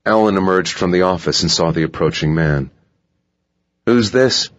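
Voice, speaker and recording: A man narrating a thriller audiobook in a steady, measured reading. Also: low-pitched. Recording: dull lo-fi audiobook recording.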